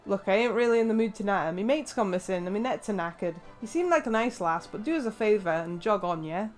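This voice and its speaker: A woman's voice: mid-range voice, lively intonation, quick pace, soft background music, natural voice. A woman doing a grumpy English fisherman. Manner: gruff slangy grumbling, curt. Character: grumpy, brusque male island fisherman.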